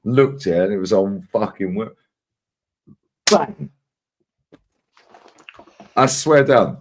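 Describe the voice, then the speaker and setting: A man's voice: fairly low pitch, slow, long pauses, slight background noise. A man hosting a casual live chat, telling stories with lots of swearing. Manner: animated, swearing storyteller. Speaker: channel host.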